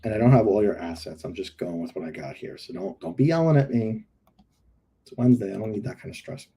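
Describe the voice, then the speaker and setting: A man's voice: lowish voice, lively intonation, fast, dark tone, a little hiss or hum. A man hosting a live show, chatting casually and critiquing product listings on his screen, with joking asides and emphatic repeats. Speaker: livestream host reviewing product listings.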